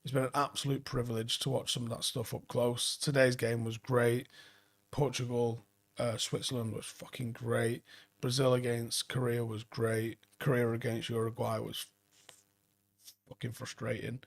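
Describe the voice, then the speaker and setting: A man's voice: mid-range voice, level tone, normal speed, creaky. A man in his forties hosting a late-night football live stream, chatting loosely, reading out viewer comments and swearing freely. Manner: swears a lot, rambling and enthusiastic.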